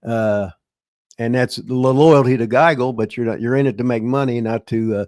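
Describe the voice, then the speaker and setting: A man's voice: medium pitch, normal speed, darkish tone, dry recording. An older man, a veteran wrestler hosting a live question show, telling old stories in a rambling, casual way full of restarts and fillers. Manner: rambling, frequent uh and restarts, laughs at his own stories. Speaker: host, veteran wrestler and former booker.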